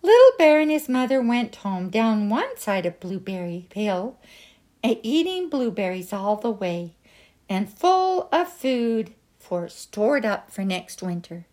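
A woman reading a children's picture book aloud in a gentle, expressive way. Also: medium pitch, slow. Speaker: storybook reader.

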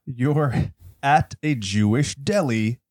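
A man hosting a horror movie podcast, loud and theatrical in casual chat. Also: mid-range voice, slow pace, no echo, studio quality. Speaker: podcast host.

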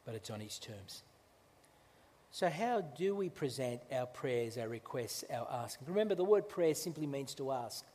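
A male pastor preaching a sermon in a conversational way, with restarts and slow, emphatic phrases, in a church. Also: medium pitch, very animated, a little mellow, big-room sound.

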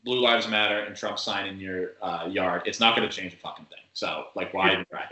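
Casual talker, male, rambling and filler-heavy, forceful tone, echoey room. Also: low-pitched, fairly even intonation, a little fast. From Massachusetts. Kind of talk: casual chat.

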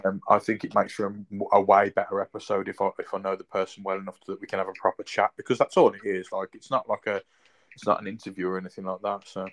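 A man's voice: low voice, flat delivery, fast talker. A man hosting a podcast. He chats casually, tells stories and uses lots of ums. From Birmingham, England. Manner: chatty, storytelling, lots of ums. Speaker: podcast host. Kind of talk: casual chat.

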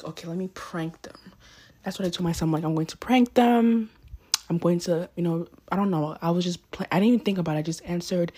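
A young woman in her late teens tells a story on her own podcast, and her lowish voice has a husky, breathy edge. She rambles and corrects herself mid-sentence, checking in with the listener as she goes. It sounds like she is talking straight into a phone. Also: mellow. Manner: rambling, self-correcting, frequent "you know what I mean". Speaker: podcast host. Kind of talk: casual storytelling monologue. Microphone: phone mic.

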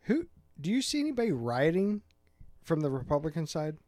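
A man co-hosting a casual podcast chat, telling animated stories and acting out voices. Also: on the high side, brisk, dry recording, clean studio sound. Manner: animated storyteller, acts out voices in anecdotes. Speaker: podcast co-host.

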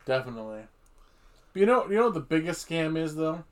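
Lively, higher-voiced man joking around. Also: fairly quick. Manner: joking, profane banter. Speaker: podcast co-host. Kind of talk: casual chat.

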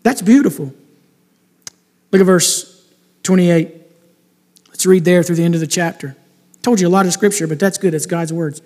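A man's voice: high-pitched, moderate pace, long pauses, darkish tone. A man preaching a sermon from scripture in an earnest way, often repeating rhetorical questions. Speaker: pastor. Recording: long reverb of a large hall.

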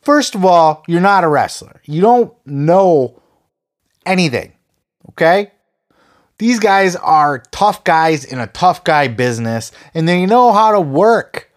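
Heated, profane podcast host mid-rant. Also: male voice, a little high, lively intonation, slow pace. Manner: profane, heated, sarcastic mocking. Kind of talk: ranting podcast monologue.

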